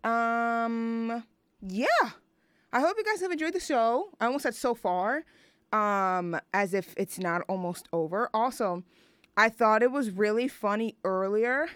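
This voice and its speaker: A woman's voice: a little high, measured pace, smooth, no room sound, clean studio sound. A young woman hosting a radio show, chatting casually and rambling with fillers and self-mocking asides. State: out of breath from dancing.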